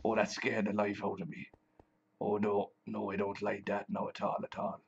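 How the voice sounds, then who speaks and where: A man's voice: lowish voice, completely flat delivery, normal speed, creaky, a little hiss or hum. A man hosting a let's play in a pirate persona, growling "arr" between chatty remarks. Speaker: gaming channel host. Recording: slightly dull lo-fi with faint music.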